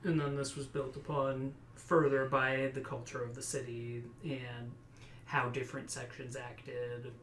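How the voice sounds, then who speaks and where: A man with a mid-range voice chats casually on a podcast, quick with dry, sardonic jabs. The sound is roomy and echoey. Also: mid-range voice, flat delivery, a bit bright, a little hiss or hum. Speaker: podcast co-host and player. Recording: roomy echo.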